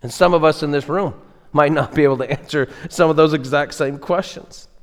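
An earnest pastor preaches a sermon with emphatic, repeated words and a fairly high male voice. His voice rings through a church sanctuary with a long hall reverb. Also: a little fast.

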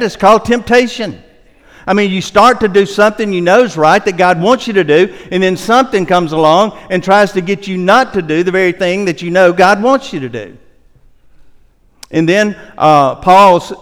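A male pastor with a somewhat high voice delivers a conversational sermon. He reads scripture aloud and drags out the key phrases for emphasis. His voice rings with the long reverb of a large church sanctuary.

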